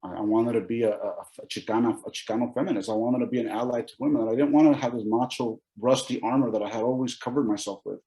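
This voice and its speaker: A man in his forties from Oregon gives a keynote testimony about his own life. His voice is gravelly and dark, with a mellow edge. He tells it with feeling, restarting sentences and acting out what people said. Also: mid-range voice, fairly even intonation, quick pace, few pauses, poor audio. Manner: emotional storytelling with many restarts and quoted dialogue. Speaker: keynote speaker. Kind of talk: personal testimony speech.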